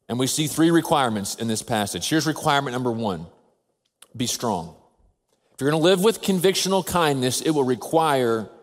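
Earnest preaching man in a reverberant hall. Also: fairly high pitch. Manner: earnest, measured preaching with slow emphatic pauses. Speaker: pastor. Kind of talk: sermon. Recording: long reverb of a large hall.

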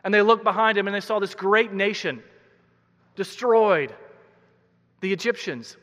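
High, bright-voiced preacher in a reverberant hall. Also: male voice, animated, unhurried, dull audio. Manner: earnest, emphatic preaching with repeated words. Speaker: pastor. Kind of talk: sermon.

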